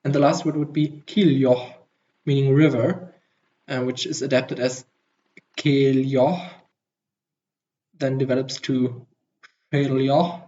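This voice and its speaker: Slow-talking man on a podcast. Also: medium pitch, flat delivery, warm tone, dull audio. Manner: loose, with fillers like "kind of". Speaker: podcast co-host. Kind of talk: casual explanatory chat.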